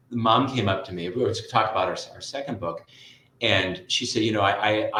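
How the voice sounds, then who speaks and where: A middle-aged man, a guest tutor and author, telling stories in a lively conversational interview and often adding "right?". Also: fairly low pitch, reverberant, a little hiss or hum, low-quality recording. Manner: lively, storytelling, frequent "right?" asides.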